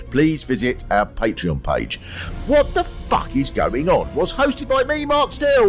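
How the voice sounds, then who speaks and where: A middle-aged man hosting a comedy podcast, telling stories in a chatty way and acting out funny quoted voices. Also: fairly high pitch. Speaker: podcast host. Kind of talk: comic storytelling chat.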